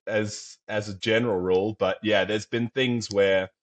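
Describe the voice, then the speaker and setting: A man's voice: lowish voice, steady tone, moderate pace. A man from Australia with an Australian accent, a professional hunter talking in a thoughtful, rambling way, full of fillers, as a podcast guest. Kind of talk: casual conversation.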